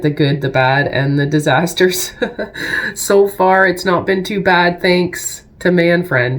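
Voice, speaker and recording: Stuffy, low-pitched woman, middle-aged, casual rambling vlogger. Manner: chatty, rambling storytelling. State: stuffy from a cold. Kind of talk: casual vlog chat.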